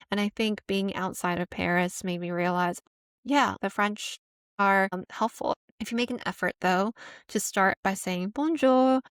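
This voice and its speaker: A young American woman, soft-spoken and conversational, talking through her thoughts in a casual vlog from her apartment. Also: medium pitch, smooth, no echo, studio quality. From United States. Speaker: vlogger. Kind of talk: casual reflective monologue. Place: apartment room.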